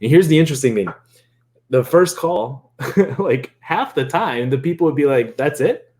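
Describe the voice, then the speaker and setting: Animated man explaining marketing. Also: medium pitch, normal speed. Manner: animated, laughs often, acts out quoted chats. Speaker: marketing coach. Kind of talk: casual explainer.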